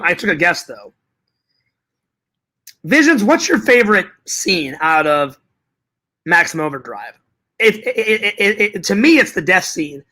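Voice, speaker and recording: A man's voice: high-pitched, sharp tone. A man hosting a casual livestream chat, reading viewer comments aloud and rambling, repeating himself and swearing freely.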